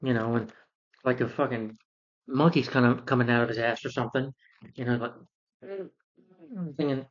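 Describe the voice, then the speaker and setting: A man's voice: medium pitch, moderate pace, pauses often, dull audio. A man rambling through an exasperated movie review rant, full of fillers and restarts.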